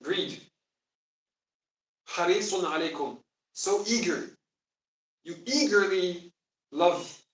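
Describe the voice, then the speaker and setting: A man's voice: high-pitched, takes it slowly, pauses often, fairly bright tone. A man teaching a Quran class, explaining emphatically and quizzing his students. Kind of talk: classroom lesson. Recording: echoey room, distant mic.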